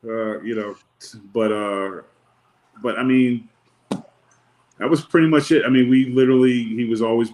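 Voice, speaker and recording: A man with a fairly low voice is a guest on a podcast, telling a story from his bodyguard days. He takes it slowly and casually, with a wry, deadpan humor, and acts out the lines of the people in the story. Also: low-quality recording. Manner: laid-back, wry storyteller who acts out quotes. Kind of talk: storytelling anecdote in casual chat.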